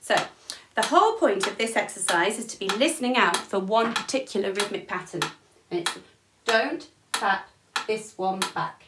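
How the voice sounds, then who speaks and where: This woman has a mid-range voice with lively intonation and speaks at a normal speed. She's teaching young kids music online from home, in a room with an instrument, counting beats aloud and cheering them on. The mic sits at a distance in an echoey room, and there's noise.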